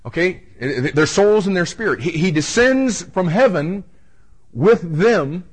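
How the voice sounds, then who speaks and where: Male pastor, slightly higher voice, conversational verse-by-verse sermon with restarts, booming scripture quotes. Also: expressive, slow, husky, rough recording. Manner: conversational preaching with repeated restarts, booming when quoting scripture.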